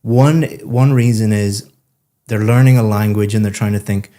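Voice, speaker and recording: Low, dark-voiced man giving exam feedback. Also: fairly even intonation, moderate pace. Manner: patient, explanatory, demonstrates with example phrases. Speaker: IELTS teacher and examiner. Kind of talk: spoken feedback in a mock exam.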